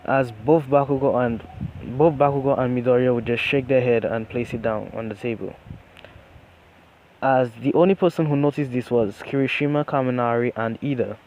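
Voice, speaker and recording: Male storyteller, middle pitch, improvising and restarting his lines, faint background hiss. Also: steady tone, darkish tone. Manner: halting, restarts sentences, chains clauses with "as he would". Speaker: fan fiction storyteller.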